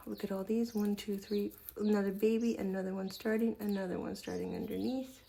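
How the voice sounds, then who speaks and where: A woman's voice: medium pitch, fairly even intonation, a little fast, vocal fry, mellow. A woman streaming live from home, chatting casually to herself and her viewers while gardening, a little out of breath and swearing now and then. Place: home indoors.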